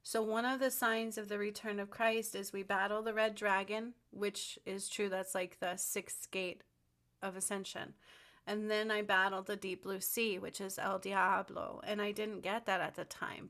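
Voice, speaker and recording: A woman's voice: mid-range voice, flat delivery, normal speed, a bit bright. A woman earnestly and insistently preaching her spiritual beliefs in a commentary vlog. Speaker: spiritual vlogger.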